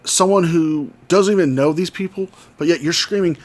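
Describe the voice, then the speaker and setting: A man's voice: fairly high pitch, moderate pace, few pauses. A man giving scornful, sarcastic commentary over video clips. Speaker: commentary host.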